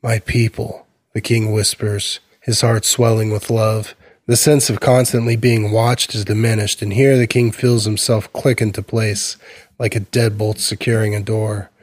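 A man narrating a fantasy short story in a measured reading voice. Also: lowish voice, little pitch movement, a little mellow, no room sound. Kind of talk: scripted fiction reading.

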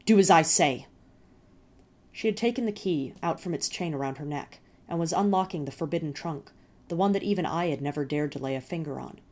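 A woman reading first-person fiction in a measured, steady storytelling manner. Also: low voice. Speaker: narrator.

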